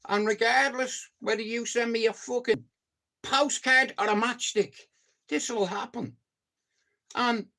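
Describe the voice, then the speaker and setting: A man with a Dublin Irish accent ranting in a casual vlog, swearing freely and swinging between loud bursts and low mutters. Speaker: YouTuber.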